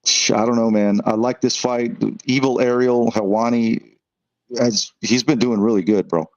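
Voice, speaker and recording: A man's voice: medium pitch, fairly even intonation, normal speed, darkish tone, highs cut off. A man hosting a casual podcast, reading out fight odds and giving picks, swearing now and then. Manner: casual, swears, reads out betting lines. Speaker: podcast host.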